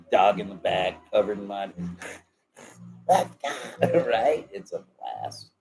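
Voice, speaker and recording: A man's voice: fairly low pitch, huge pitch swings, takes it slowly, vocal fry, darkish tone, slight background noise, rough recording. A man rambling casually in a vlog, joking and laughing often as he talks. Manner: laughs a lot, drawling, joking. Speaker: vlogger.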